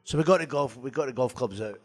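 A man's voice: medium pitch, lively intonation, quick pace, breathy edge. A man, a former footballer telling laughing, swearing anecdotes at a live stage Q&A.

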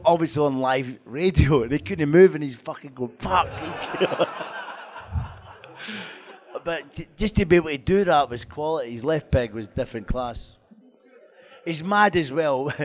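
A man, a former footballer telling laughing, swearing anecdotes at a live stage Q&A. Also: a little high.

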